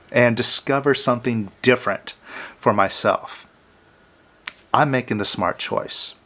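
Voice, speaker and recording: A man giving a calm self-help talk, coaching the listener directly and sometimes dropping to a soft, hushed voice. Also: medium pitch. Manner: drops to a soft near-whisper on "I love you, fear".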